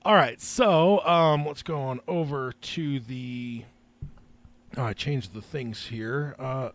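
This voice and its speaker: A man co-hosting a casual podcast chat and reading out listener emails, relaxed, with lots of fillers and restarts. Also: mid-range voice, slow pace. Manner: relaxed, many fillers and restarts, laughs often. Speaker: podcast co-host.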